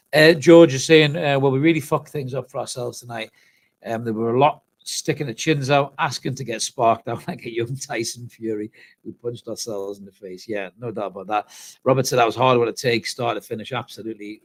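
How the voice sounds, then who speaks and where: A man hosts a live football reaction stream, blunt and sweary as he reads out viewers' comments. He sounds tired, and his voice is husky. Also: mid-range voice. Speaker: football fan channel host. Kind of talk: live post-match reaction and reading comments.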